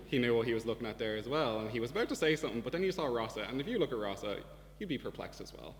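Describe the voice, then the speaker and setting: A man's voice: mid-range voice, fairly quick, long pauses. Wry young Irish man in a hall. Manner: wry, profane, deadpan storytelling. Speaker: student debate speaker. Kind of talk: comic storytelling speech. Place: debating chamber. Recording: reverberant hall with faint hum.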